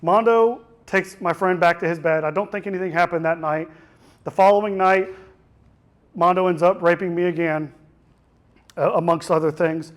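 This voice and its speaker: A man's voice: high-pitched, fairly even intonation, moderate pace. A young man giving a keynote speech, telling a personal story in a raw, emotional way with frequent restarts. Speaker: keynote speaker. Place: conference hall.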